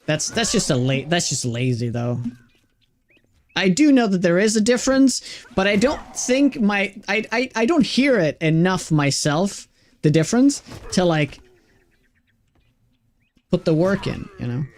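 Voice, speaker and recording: A man's voice: high voice, expressive, a little slow, pauses often, slight background noise. Chatty Swedish-accented young man streaming. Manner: chatty, self-deprecating, many restarts and fillers. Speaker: game streamer. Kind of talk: casual chat while gaming.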